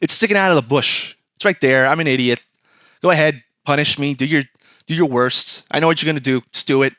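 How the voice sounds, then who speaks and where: Brief: podcast host, bright tense voice, rambling profane comic storytelling, dry close mic. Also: male voice, on the high side, fairly quick, no room sound. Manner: rambling, profane, self-mocking. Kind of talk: comedic storytelling.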